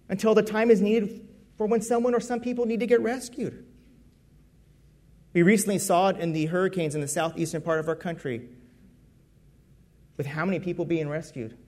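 A man from the United States preaching a sermon, telling a story in a conversational, lively way. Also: sits high, moderate pace, pauses often.

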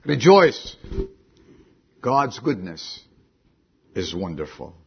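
A man preaching a sermon, dropping low and quiet, then bursting out loud and high, and asking the congregation direct questions. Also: very animated, takes it slowly, long pauses, slightly rough, dull audio. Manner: swings from low quiet lines to sudden loud high exclamations. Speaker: pastor.

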